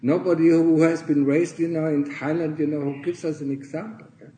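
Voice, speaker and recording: A man, a Buddhist monk, giving a Dharma talk to fellow monastics in a monastery, earnestly tagging nearly every phrase with "yeah?" or "huh?" and often clearing his throat. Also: a little high, little pitch movement, a little fast, dark tone, echoey room, low-quality recording. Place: monastery in Thailand.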